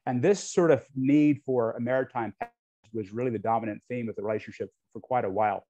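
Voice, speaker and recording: This American guest speaker on US-Indonesia relations, from the United States, talks fast in a warm, mid-range voice, with slight background noise. His unscripted remarks are frank and full of ums and restarts. The audio is dull and lo-fi.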